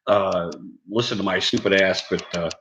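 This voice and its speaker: A man's voice: sits low, fairly even intonation, normal speed, fairly bright tone, lo-fi sound. A man hosting a casual late-night live stream who chats with viewers in the comments, rambling, swearing and laughing at his own lines. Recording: echoey room, faint background noise.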